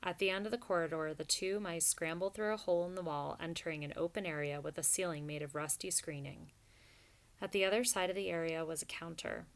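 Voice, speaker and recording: A woman narrating a storybook in a steady, even reading voice. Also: on the low side, vocal fry. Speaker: audiobook narrator.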